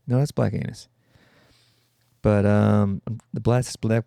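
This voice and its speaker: A man hosting a solo comedy podcast, irreverent and full of quick joking asides. His voice is gravelly and dark, and it sits dry and close with no room sound. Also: lowish voice, dry recording. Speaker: podcast host.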